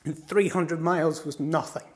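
A middle-aged man, a pastor preaching a sermon with passionate storytelling, moving from loud cries to hushed words. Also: on the high side, fairly even intonation, normal speed.

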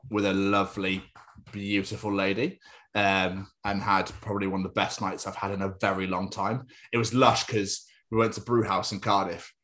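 A man's voice: sits low, little pitch movement, moderate pace, fairly bright tone. A young man, co-hosting a podcast in casual chat, jokey and rambling. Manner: chatty, jokey, slips into silly put-on voices. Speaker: podcast co-host.

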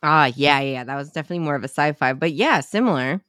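In quick, lively tones, a young woman with a deep yet fairly bright voice co-hosts a podcast, chatting casually, laughing a lot and swearing freely. It's studio quality with no echo.

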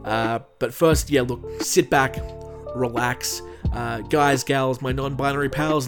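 A young man at a middle pitch hosts a true crime podcast with a joking, self-mocking manner. His asides are animated, and faint music plays behind his voice. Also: slow pace. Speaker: podcast host.

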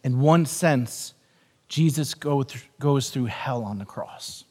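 A man's voice: medium pitch, slow, a little mellow, slightly rough. A male pastor in his forties preaching a sermon in a church, earnest and repetitive, telling stories. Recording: long hall reverb.

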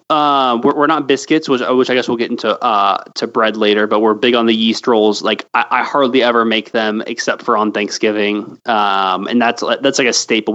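A man's voice: medium pitch, a bit bright, dull audio. A man co-hosting a casual food podcast, rambling with many "um"s and "like"s. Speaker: podcast co-host. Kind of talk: casual chat.

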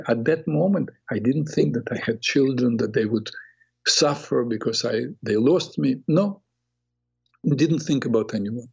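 An older man, a psychotherapist hosting a talk show, telling a personal story in an earnest, reflective way with halting restarts. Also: mid-range voice, creaky, a little mellow, husky. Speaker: radio show host and psychotherapist. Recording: dull lo-fi radio audio.

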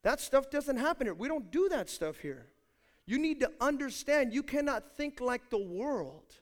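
A man preaching a sermon as pastor, emphatic and speaking straight to his congregation, moving between quiet asides and loud declarations. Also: very high voice, big pitch swings, normal speed.

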